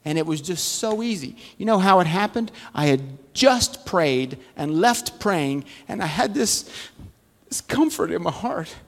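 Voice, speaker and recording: Folksy preaching man, higher voice. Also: expressive, measured pace. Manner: folksy, storytelling with humor. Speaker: Bible study teacher. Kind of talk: conversational sermon. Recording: long church-hall reverb.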